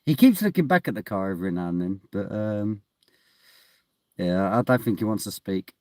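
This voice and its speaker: A man's voice: fairly low pitch, lively intonation, normal speed, dark tone, dry recording, studio quality. A man chatting casually to his phone camera from inside a parked car at night, in a wry, mumbling way. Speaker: vlogger.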